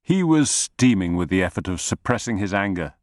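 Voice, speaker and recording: Low-voiced male audiobook narrator. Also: big pitch swings, fairly quick, no echo, clean studio sound. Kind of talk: scripted narration.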